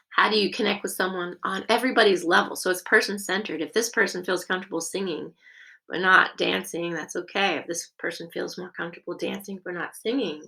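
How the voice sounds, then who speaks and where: Woman with a very gravelly, bright voice. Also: lowish voice, low-quality recording. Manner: gentle, encouraging, expressive with occasional fillers. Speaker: music caregiving educator. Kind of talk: teaching a caregiver workshop.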